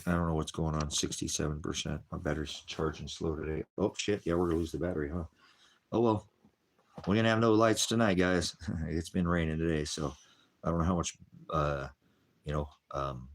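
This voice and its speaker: A middle-aged man rambling on a live stream, frustrated and profane, swinging from angry outbursts to low, weary muttering.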